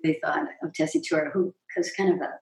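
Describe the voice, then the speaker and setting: A woman's voice: sits low, steady tone, fast talker, vocal fry, darkish tone. A woman stage actress telling stories as an interview guest, chatty, breaking off mid-sentence and acting out what others said. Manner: chatty, self-interrupting, acts out quotes. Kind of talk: anecdotal interview storytelling. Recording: roomy echo, distant mic.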